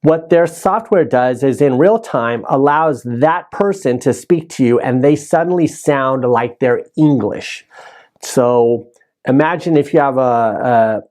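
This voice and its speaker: A podcast host with a mid-range, darkish voice speaks slowly, recapping his season in a casual, rambling way. He keeps correcting himself and restarting as he goes.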